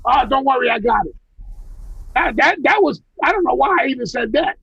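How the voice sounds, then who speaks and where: A man's voice: extremely high pitch, lively intonation, brisk, vocal fry, a bit bright, slightly rough, no echo, lo-fi sound. A man on a video call telling long, profane stories from his life, rambling with many restarts. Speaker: guest recounting personal stories. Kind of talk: casual chat on a video call. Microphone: video call mic.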